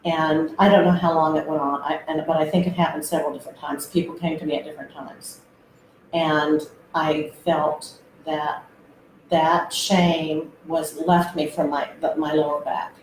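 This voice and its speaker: A woman guest telling a personal story, hesitant and reflective, with many pauses and fillers. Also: deep voice, flat delivery, a little hiss or hum. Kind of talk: personal testimony. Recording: roomy echo.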